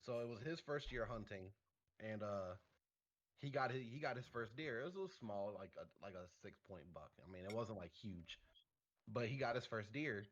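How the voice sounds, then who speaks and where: A man's voice: fairly low pitch, normal speed. Casual storytelling man, slightly muffled. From Michigan. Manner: relaxed storyteller, laughs often. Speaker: podcast co-host. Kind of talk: casual podcast chat.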